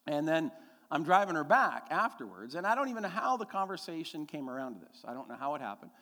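A man's voice: on the high side, big pitch swings, quick pace, sharp tone, in a large hall. A middle-aged man preaching a sermon as a pastor, telling a personal story and building to emphatic, repeated declarations.

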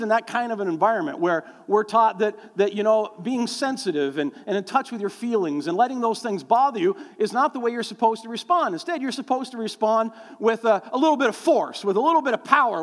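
Predicador de voz aguda en una sala con eco. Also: male voice, extremely high pitch. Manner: folksy storytelling with many fillers, acting out quoted voices. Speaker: pastor. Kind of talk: sermon. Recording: long hall reverb.

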